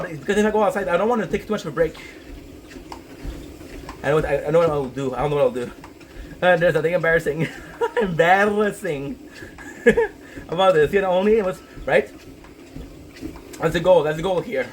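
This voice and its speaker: A man's voice: a little high, a little hiss or hum, rough recording. A man live-streaming on a walk, chatting casually with his viewers, greeting them by name and swearing freely.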